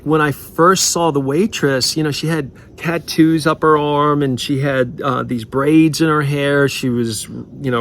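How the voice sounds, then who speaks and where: A man in ministry sharing a casual spoken testimony, halting often with fillers and restarts. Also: medium pitch, fairly bright tone, a little hiss or hum. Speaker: ministry leader.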